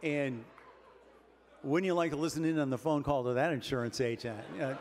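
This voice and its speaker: An older man giving a comic keynote speech at a dinner, deadpan and wry, building his jokes with pauses. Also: medium pitch. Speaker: keynote speaker. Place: large banquet hall with a dinner audience. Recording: reverberant banquet hall, faint room noise.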